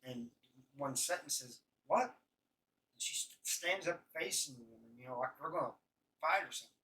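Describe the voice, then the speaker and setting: A man's voice: mid-range voice, sharp tone. Rambling man, slightly distant mic. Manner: rambling, halting, many fillers and restarts. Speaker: host telling prison stories. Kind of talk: casual storytelling.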